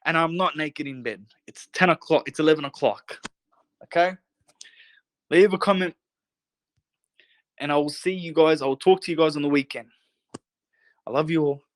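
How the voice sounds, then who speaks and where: Excitable young man hosting a livestream. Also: a little high, normal speed, long pauses, dry recording. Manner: excitable hype, says he gets pumped and could start yelling. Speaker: podcast host. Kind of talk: casual live talk show.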